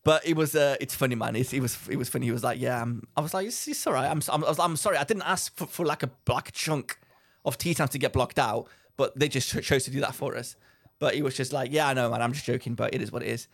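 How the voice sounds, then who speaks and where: A man's voice: mid-range voice, steady tone, fast talker, vocal fry. A man, co-hosting a casual podcast, rambling through a story, acting out what people said and laughing often. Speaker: podcast co-host. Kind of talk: casual chat.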